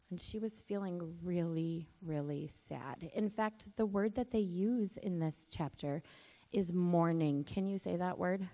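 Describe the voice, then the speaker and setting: A woman in a church telling a Bible story to children, gently and expressively, asking them to say words back. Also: mid-range voice.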